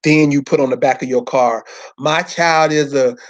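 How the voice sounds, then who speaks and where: A man's voice: mid-range voice, steady tone, moderate pace, highs cut off. A man giving an informal lecture from a map, speaking in loose slangy speech and firing rhetorical questions straight at his listeners.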